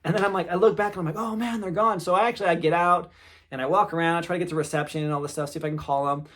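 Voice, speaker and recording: A man hosting his own podcast, telling a family story in a loose, casual way. He sounds fairly high for a man and keeps it animated, acting out the quotes. He is in his thirties or forties. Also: racing. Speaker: podcast host.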